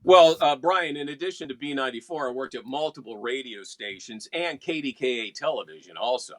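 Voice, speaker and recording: A man's voice: mid-range voice, fairly quick, no room sound. A man from West Virginia, a veteran radio announcer co-hosting a casual chat show, talking in an easygoing, wry, teasing way.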